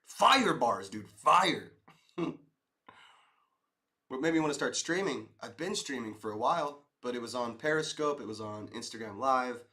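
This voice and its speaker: Fairly quick and bright-toned, with few pauses, this medium-pitched man in his thirties rambles through viewer comments on a live stream. He's relaxed and often addresses people as "dude" or "man."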